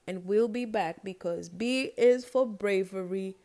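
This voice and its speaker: A woman with a medium-pitched, darkish voice speaks at a measured pace while hosting her own podcast. Her solo talk is casual and playful, and she laughs at her own jokes.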